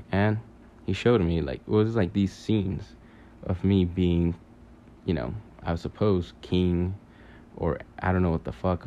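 A man telling a long dream story in a halting, rambling way, full of fillers, restarts and casual swearing. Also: low-pitched, vocal fry, mellow, lo-fi sound, slight background noise. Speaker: podcaster recounting a dream.

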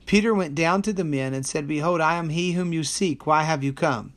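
Pastor reading scripture and teaching. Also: male voice, on the high side. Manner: steady reading with slow, deliberate commentary. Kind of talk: daily Bible study, reading scripture and teaching.

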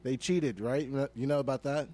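A man's voice: mid-range voice, fairly even intonation, fairly quick, dark tone. A young man co-hosting a comedy podcast, ranting animatedly with lots of swearing and filler words. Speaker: podcast co-host. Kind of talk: casual comedic podcast chat.

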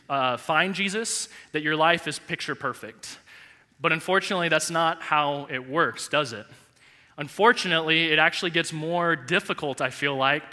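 Bright-voiced man preaching in a church. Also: fairly high pitch. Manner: personal storytelling, animated and emotional at times. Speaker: pastor. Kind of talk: sermon. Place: large church hall. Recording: echoey church hall reverb.

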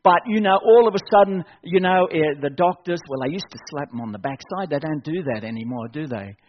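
A man's voice: a little high, animated, fairly quick. A man preaching a fervent evening sermon at a church service, building to urgent appeals and repeating his key phrases. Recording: dull lo-fi sound.

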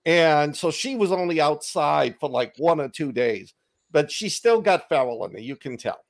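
A man's creaky, somewhat high voice carries lively intonation at a normal speed. He's an author with a Boston accent, a guest on a video call from his desk at home, telling stories in a casual interview where he jokes about himself and laughs along.

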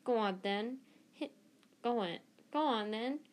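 A woman's voice: fairly high pitch, unhurried, lightly acted. A woman reading aloud and voicing a timid but stubborn schoolboy who stammers defiantly.

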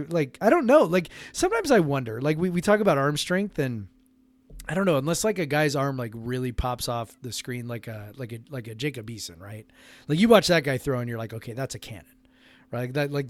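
A man's voice: mid-range voice, lively intonation, brisk, no echo. A man in his thirties co-hosting a podcast in casual chat, rambling with frequent laughs and restarts. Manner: rambling, laughs often, acts out kids' voices. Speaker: podcast co-host.

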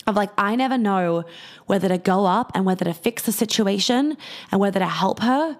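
A woman's voice: medium pitch, brisk. A woman speaking candidly to her viewers in a casual monologue, telling stories and swearing freely. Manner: candid, swears often, storytelling.

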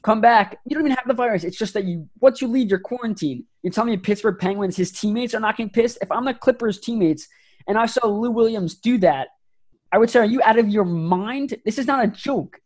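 A man's voice: high voice, darkish tone. A man co-hosting a sports podcast, pressing his point hard and emphatically. He doubles back on his words and leans into each line as his argument builds. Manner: emphatic, ranting, rapid restarts. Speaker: podcast co-host. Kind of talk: heated sports podcast rant.

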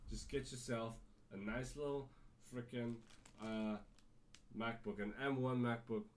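A man with a British-leaning accent that slips toward American now and then hosts his own podcast. He rambles excitedly, swears freely and keeps restarting his sentences. His voice sits at an ordinary middle pitch for a man. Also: a little slow, a little hiss or hum. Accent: British-leaning, sometimes drifting American. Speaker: podcast host. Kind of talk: casual solo podcast monologue.

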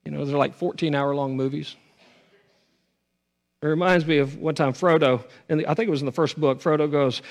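High-voiced preaching man, earnest. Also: fairly even intonation, moderate pace. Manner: earnest preaching that often restarts and repeats words. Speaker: pastor. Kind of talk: sermon.

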